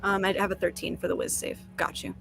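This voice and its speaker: A woman's voice: mid-range voice, little pitch movement, fast, vocal fry, over music. A woman playing a tabletop game who reads rules aloud and laughs often. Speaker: player. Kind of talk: casual game chat.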